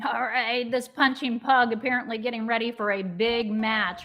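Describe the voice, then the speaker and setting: A woman's voice: on the high side, flat delivery, moderate pace, fairly bright tone. Bubbly woman hosting a live show. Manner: enthusiastic, effusive. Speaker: host.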